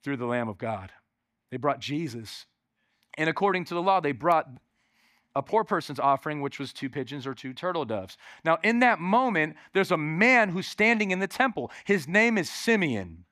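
Man, pastor, lively sermon, calls on the crowd, high bright voice. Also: normal speed, no room sound, clean studio sound. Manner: calls on the crowd, exclaiming and animated. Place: church.

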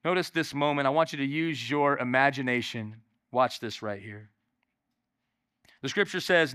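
A man preaching a lively sermon as pastor in a church, calling on the congregation and exclaiming as he goes. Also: mid-range voice, moderate pace, long pauses, clear, resonant tone, no echo, clean studio sound. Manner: calls on the crowd, exclaiming and animated.

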